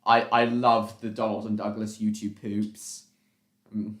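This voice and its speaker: A man's voice: lowish voice, little pitch movement, measured pace. A man hosting a casual reaction live stream, rambling and repeating himself as he greets viewers in the chat. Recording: echoey room.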